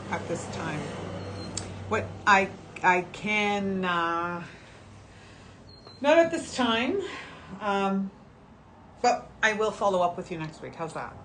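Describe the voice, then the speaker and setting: A woman in her sixties chatting through a skincare livestream, warmly direct and emotional with her viewers. Her pitch sits in an ordinary middle range. A faint hum of background noise runs under the recording. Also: animated, takes it slowly, pauses often. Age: 60s. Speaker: shopping channel skincare brand presenter. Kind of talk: casual livestream sales chat.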